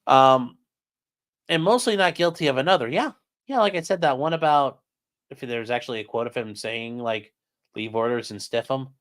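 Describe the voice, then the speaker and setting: In a mid-range, slightly bright voice at a moderate pace, a livestream host reads a document aloud. He keeps drifting into profane, jokey asides to his chat, rambling and cracking crude jokes in a casual way.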